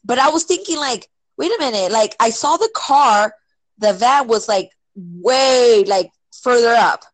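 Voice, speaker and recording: A woman casually telling a personal story, filling it with "like" and "right?" and acting out quotes with sudden jumps in pitch. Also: lively intonation, a little slow, no echo, low-quality recording. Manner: filler-heavy, many "like" and "right?".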